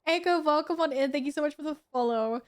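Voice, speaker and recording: Her voice sits high and moves quickly as this young woman plays a game at home, chatting with viewers, giggling and addressing her cat in a casual stream.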